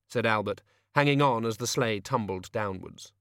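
A man narrating a story as an audiobook, steady and wry. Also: fairly low pitch, normal speed, no room sound, studio quality.

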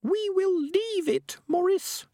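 A man's voice: very high-pitched, slow pace, warm tone, dry recording, clean studio sound, voice pushed up, heavily acted. A man voicing a prim, sensible young female rat who speaks in a firm, disapproving way.

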